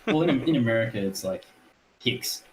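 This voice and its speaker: A man's voice: mid-range voice, lively intonation, moderate pace, darkish tone, far from the mic, slight background noise, low-quality recording. A man chatting on a hobby livestream as a guest, laid-back and laughing often, using local slang. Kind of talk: casual livestream chat.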